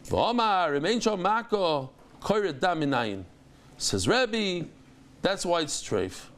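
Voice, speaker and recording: A man's voice: high voice, very animated, slow, a bit bright. A man over fifty teaching a Talmud lesson, telling stories and acting out the dialogue with exclamations.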